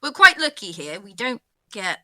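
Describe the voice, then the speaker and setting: A woman's voice: medium pitch, very animated, normal speed, bright, forceful tone, dry recording. A British woman with a British English accent, a guest streamer chatting casually in an interview, self-deprecating and laughing often. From Britain.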